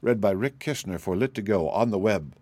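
A man narrating an audiobook in a steady, clear reading manner. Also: on the low side, a little fast, no echo. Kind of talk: scripted narration.

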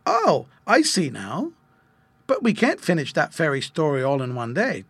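A man voicing an eager, curious little boy in a storybook reading, excited and chirpy. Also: a little high, moderate pace, slightly rough, dry recording, heavily acted.

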